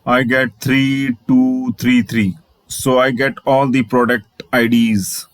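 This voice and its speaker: A man's voice: medium pitch, level tone, slow pace, no room sound, poor audio. A man teaching a programming lesson over his screen, spelling out letters and repeating phrases as he goes. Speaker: programming instructor. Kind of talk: screen-share coding tutorial.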